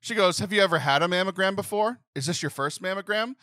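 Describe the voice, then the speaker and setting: A man in his thirties hosts a comedy podcast, spinning an exasperated story with lots of laughter. His voice sits high and lively, bright and forward. The sound is close and dry. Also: quick pace, no room sound. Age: 30s. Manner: animated, laughing, acts out phone voices in exasperated bursts. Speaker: podcast host.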